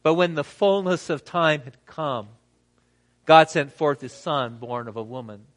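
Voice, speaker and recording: Guy preaching a sermon, kinda high voice, reads verses and does little voices for quotes, lots of pauses. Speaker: pastor.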